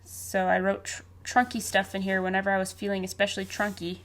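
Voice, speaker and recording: A young woman in her twenties talks through her own material in a loose, casual vlog voice. She is chatty and playful and keeps dropping quick asides. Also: mid-range voice, completely flat delivery, fairly bright tone. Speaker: vlogger and artist. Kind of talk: casual chat.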